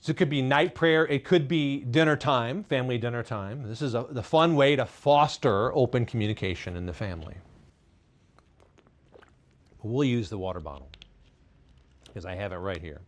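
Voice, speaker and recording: A man presenting a parenting and faith talk to a live studio audience. He is candid and self-deprecating with light humor, and his delivery swings between loud, high emphasis and soft, low asides. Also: normal speed, pauses often.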